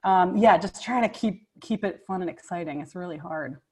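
A woman guest speech therapist talking casually over a video call, enthusiastic and quick to laugh. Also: on the low side, darkish tone. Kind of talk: casual interview chat.

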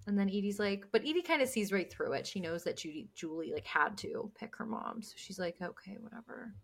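A woman's voice: mid-range voice, brisk. A woman co-hosting a podcast, chatting casually as she recaps a TV episode, laughing often and acting out the characters' lines. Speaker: podcast co-host.

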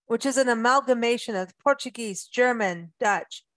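A woman's voice: on the high side, normal speed, a bit bright, no echo. A woman from Africa, hosting a travel radio show in casual chat, chatty and playful with frequent laughs. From South Africa.

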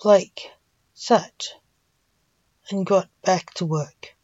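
A woman reading a fantasy story aloud in a plain, unhurried way, on a dull recording. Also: mid-range voice, a little mellow, no echo. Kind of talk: reading her own fan story aloud.

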